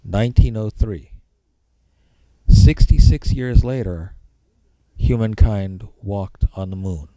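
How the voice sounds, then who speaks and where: A man with a very dark, mellow voice talks through an informal lecture, circling back and repeating points to drive them home. His voice sits a little low, and the sound is close and dry with no room echo. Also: slow, long pauses. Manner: rambling, repeats key points for emphasis.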